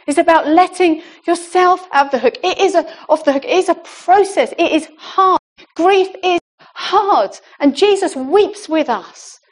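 A woman preaching a sermon in an earnest, emphatic way, with laughs and asides. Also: high-pitched.

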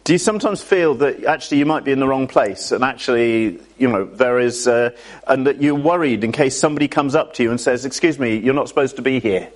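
A man's voice: mid-range voice, brisk. A man preaching a sermon to a church congregation in a chatty way, often asking his listeners questions.

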